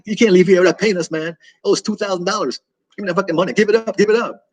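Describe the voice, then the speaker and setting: A man's voice: high voice, very fast, pitched above the performer's own voice. A man putting on a pushy, greedy hospital billing clerk. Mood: demanding. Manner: demanding, coarse, shouting for money.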